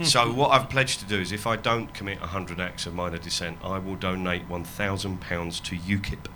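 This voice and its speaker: A man with a crisp, bright tone talks in a loose, rambling way. He laughs often, swears freely and drops his voice low when quoting other people. Faint ambient sound sits behind him. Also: fairly even intonation, normal speed, a little hiss or hum. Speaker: comedian and activist guest. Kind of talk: casual chat.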